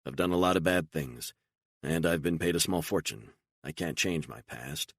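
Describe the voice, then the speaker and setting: A man voicing a calm, guarded male operative who talks in short, measured phrases, in an audiobook. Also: extremely low pitch, no echo.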